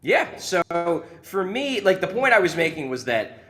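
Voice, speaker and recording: A man's voice: high-pitched, big pitch swings, a little slow, fairly bright tone. Emphatic male sports guest. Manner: emphatic, repeats himself. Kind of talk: casual sports debate.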